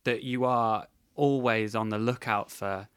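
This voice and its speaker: Low-voiced man musing on a film. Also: fairly even intonation, unhurried, fairly bright tone, poor audio. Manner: thoughtful, hesitant, many fillers. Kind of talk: casual film discussion.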